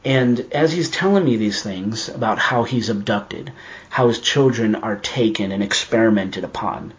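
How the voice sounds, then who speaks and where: A man telling a personal story in a casual, animated way, acting out his own reactions as he goes. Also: lowish voice, moderate pace, muffled recording.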